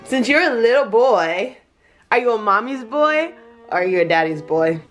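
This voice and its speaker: A woman's voice: on the high side, lively intonation, normal speed, soft background music. A woman in her twenties with a sing-song, coaxing manner, laughing often while she asks her toddler playful questions. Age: 20s. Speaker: vlogger interviewing her toddler. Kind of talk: playful casual chat.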